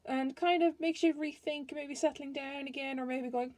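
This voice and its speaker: A woman's voice: sits high, fairly even intonation, normal speed, few pauses, a little mellow. A woman giving a casual tarot reading to her viewers, talking in a chatty, rambling way and often restarting her sentences. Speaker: tarot reader.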